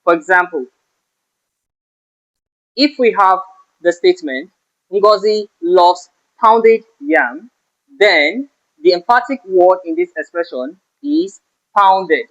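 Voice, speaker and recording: Male tutor, high-pitched, punches stressed words, muffled lo-fi recording. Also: big pitch swings, takes it slowly, long pauses, fairly bright tone. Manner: stresses key words sharply when giving examples. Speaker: English teacher. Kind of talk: exam-prep lesson. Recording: slightly dull lo-fi sound.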